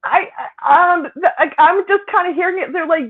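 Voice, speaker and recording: A woman psychic co-hosting a casual chat, incredulous and rambling, quick to laugh. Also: extremely high pitch. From Britain. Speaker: psychic co-host. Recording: tinny phone-like line.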